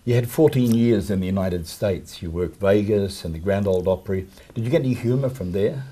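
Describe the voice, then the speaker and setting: A man's voice: on the low side, fairly quick, dark tone, husky. A man hosting an interview who asks short questions to lead his guest on. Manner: brief prompting questions. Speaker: host.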